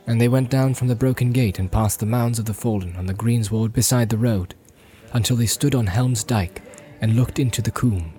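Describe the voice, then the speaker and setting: A man narrates a fantasy audiobook in a mid-range voice. His scripted storytelling stays steady and measured.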